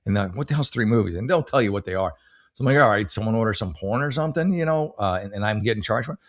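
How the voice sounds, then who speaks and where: A man's voice: on the low side, animated, rapid-fire. Rambling, cursing male podcast host. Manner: rambling, swearing, storytelling with many restarts. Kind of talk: casual comedic monologue.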